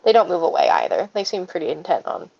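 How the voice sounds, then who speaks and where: A woman's voice: lowish voice, very animated, quick pace, vocal fry, a little mellow, husky. A woman narrating as game master of a tabletop game, hesitant with many fillers. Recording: dull lo-fi mic.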